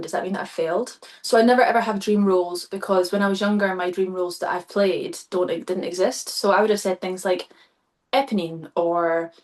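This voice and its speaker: A stage performer, a woman, chatting as a podcast guest, gushing and enthusiastic with many fillers. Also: medium pitch. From Scotland. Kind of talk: casual podcast chat.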